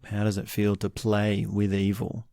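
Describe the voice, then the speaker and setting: Male podcast host, low-pitched, unhurried, reflective book commentary, dry close sound. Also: monotone, creaky, warm tone, dry recording. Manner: slow, reflective, halting with restarts.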